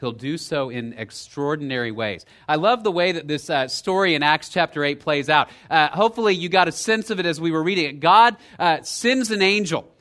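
A male pastor delivering a sermon in a bright, ringing voice that sits a little high for a man. He tells the story vividly, sinking low and quiet to stress a point, then climbing loud as he acts it out, and he often checks in with his listeners. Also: a little fast, few pauses. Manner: lively storytelling, checks in with "right?"; swings from quiet, low emphasis to loud, raised retelling.

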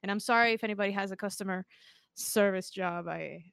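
A woman's voice: medium pitch, fairly quick, gravelly, a bit bright, smooth, no room sound. A young woman streamer in casual chat, giggling often and rambling with lots of fillers.

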